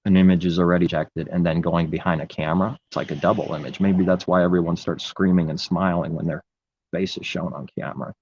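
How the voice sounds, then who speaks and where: Man, deep voice, husky, preachy rambling monologue, dull lo-fi recording. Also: fairly even intonation, quick pace, darkish tone. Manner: preachy, rambling, repeats phrases. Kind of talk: impassioned religious monologue.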